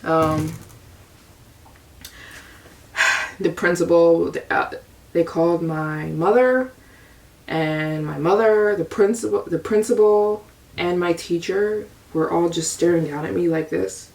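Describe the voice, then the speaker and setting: A woman's voice: fairly low pitch, measured pace, creaky, long pauses. A young adult woman from the US telling a candid, rambling personal story as a vlogger, her voice a little distant from the mic. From United States. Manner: confessional, rambling, frequent repeats.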